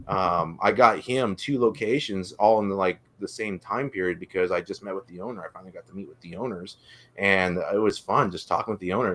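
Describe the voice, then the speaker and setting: A man's voice: fairly low pitch, a bit bright. A man chatting on a livestream as a guest, eager and talking on and on. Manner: eager, talks on and on. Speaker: guest vending operator. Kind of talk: casual livestream chat.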